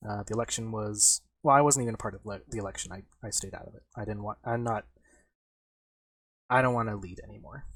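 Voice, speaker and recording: A man's voice: fairly low pitch, quick pace, a bit bright, slightly rough, dry recording. A man voicing a tired former militia chairwoman who talks dry and matter-of-fact. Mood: weary.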